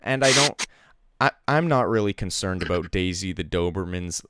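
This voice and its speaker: A man's voice: low-pitched, expressive, moderate pace, very noisy. A man co-hosting a casual comedy podcast, reading emails aloud with amused laughter. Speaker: podcast co-host.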